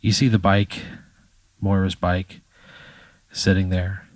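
A man's voice: low voice, flat delivery, takes it slowly, dry recording. A man narrating a tabletop game as game master, in a casual, profane storytelling manner.

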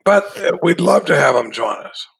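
A man's voice: fairly high pitch, expressive, moderate pace, gravelly, a bit bright, slightly rough. A man talking as a guest on a podcast over a wired headset mic, friendly and chatty. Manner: friendly, chatty, laughs easily. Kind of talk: casual interview chat.

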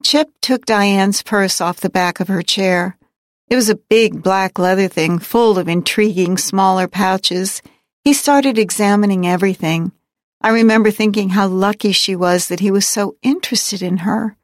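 A woman reading a novel aloud in first person, in a measured, wry and reflective way. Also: medium pitch, no echo, clean studio sound. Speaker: audiobook narrator. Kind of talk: first-person audiobook narration.

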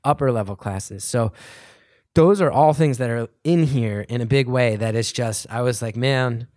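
A man's voice: mid-range voice, normal speed, darkish tone, no echo. An earnest man, his voice cracking slightly, reads his own writing before an audience at a book event. Off the page he rambles and restarts, but the sound stays close and dry. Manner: earnest, rambling, with restarts when speaking off the cuff. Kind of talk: reading aloud from his book, then audience Q&A.

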